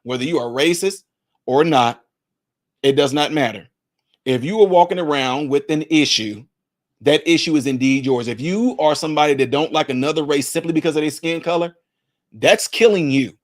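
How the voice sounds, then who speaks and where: A man's voice: fairly high pitch, moderate pace. A man giving emphatic, preachy spoken commentary, repeating his points to hammer them home. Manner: acts out what others say in put-on voices. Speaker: commentary vlogger.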